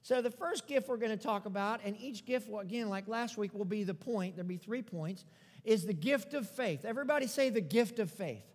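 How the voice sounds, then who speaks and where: A man's voice: sits high, a little fast. A man preaching a sermon as pastor, leading the congregation in repeated declarations and stressing phrases through repetition. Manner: preaching with call-and-response, repeats phrases for emphasis. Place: church sanctuary. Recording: long reverb of a church hall.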